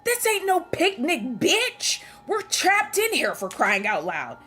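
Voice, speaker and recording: A woman voicing a hot-tempered teenage boy who shouts and drags out his furious words, reading a visual novel aloud with voices. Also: very high-pitched, huge pitch swings, exaggerated voice. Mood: raging. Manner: shouting, drawn-out furious yelling.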